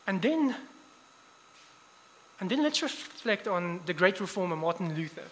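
A man preaching a sermon in a church hall, casual and conversational, often restarting his phrases. His voice sits high for a man, and the hall lends it a long, lingering reverb. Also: unhurried, a little hiss or hum. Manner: conversational, many restarts, animated asides.

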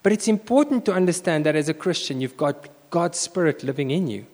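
A man preaching a sermon, telling a personal story with animated swings between loud bursts and hushed asides, in a church hall. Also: on the high side, fairly quick. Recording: echoey hall reverb.

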